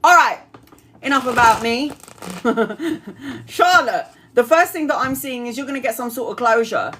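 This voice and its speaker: A woman's voice: a little high, animated, a little slow, bright, forceful tone, a little hiss or hum. A woman, giving a live-stream tarot reading in a chatty, blunt way and laughing often. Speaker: tarot reader.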